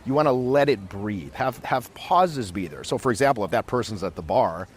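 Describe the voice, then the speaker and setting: A man teaching social skills in a casual, animated way, acting out quick scenes as he explains. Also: medium pitch, a little hiss or hum. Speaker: dating coach. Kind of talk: casual instructional talk. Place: outdoors in a city.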